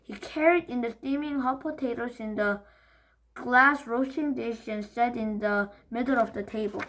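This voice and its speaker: A woman whose first language is Korean, reading a children's book aloud slowly, carefully and expressively. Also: on the high side, a bit bright, rough recording. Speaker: storybook reader.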